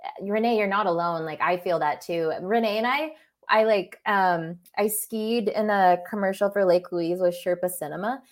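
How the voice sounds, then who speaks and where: A woman's voice: medium pitch, moderate pace. A young woman chatting casually as a podcast host, talking freely with many fillers and laughs. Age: young adult. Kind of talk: casual chat.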